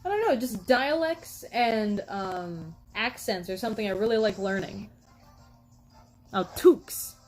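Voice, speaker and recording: A woman's voice: mid-range voice, lively intonation, a little slow, darkish tone, faint music behind, rough recording. A woman streamer chatting casually with her viewers, laughing often and answering chat.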